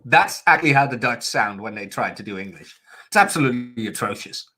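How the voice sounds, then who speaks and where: A man's voice: medium pitch, animated, fast talker, sharp tone. Easygoing man narrating his own story. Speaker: co-host and audiobook narrator. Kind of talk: casual live-stream chat. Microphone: video call.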